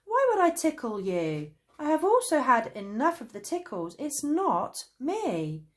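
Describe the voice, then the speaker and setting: Woman playing a whiny traveller boy, high, sulky, slow. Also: wildly swooping pitch, full character voice.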